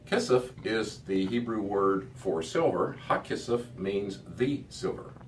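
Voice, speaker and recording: A middle-aged man teaches a Hebrew lesson to a class, working methodically and repeating words as he goes. His voice is lowish and his pace measured, picked up by a distant mic with faint background noise.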